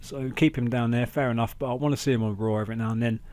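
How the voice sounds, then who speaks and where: A man hosting a casual wrestling review podcast, chatty and excitable, talking into a close mic at home. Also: medium pitch, quick pace. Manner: chatty, excitable, acts out quotes in raised voices. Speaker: podcast host.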